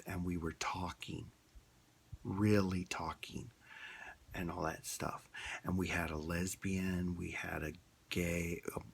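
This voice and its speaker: A man's voice: deep voice, creaky, a little hiss or hum. A man ranting bluntly in a rambling, casual opinion monologue. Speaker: vlogger.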